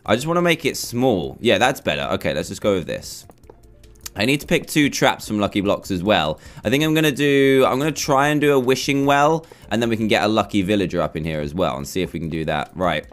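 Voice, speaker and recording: A man's voice: on the low side, expressive, fairly quick. A young man commentating his own gameplay, chatty and flustered as he talks himself through a build. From England. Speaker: gaming YouTuber.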